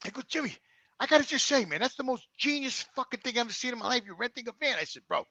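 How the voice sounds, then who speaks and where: A man's voice: very high voice, lively intonation, very fast, sharp tone, dry recording. A man co-hosting a podcast who tells stories in casual chat, swearing constantly and acting out the people he quotes. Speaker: co-host. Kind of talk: casual storytelling.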